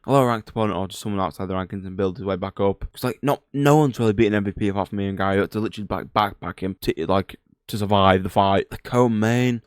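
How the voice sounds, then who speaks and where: A man's voice: lowish voice, no room sound, clean studio sound. A young man from Northern England with a Northern English accent, giving a blunt, slangy, opinionated recap of fight results in a casual chat. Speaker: MMA commentator.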